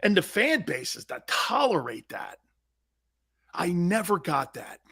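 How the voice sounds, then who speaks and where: A male sports talk show host ranting loudly and mockingly, acting out angry fans in bits. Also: sits high, very animated, slow pace, vocal fry, breathy edge. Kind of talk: animated sports talk rant.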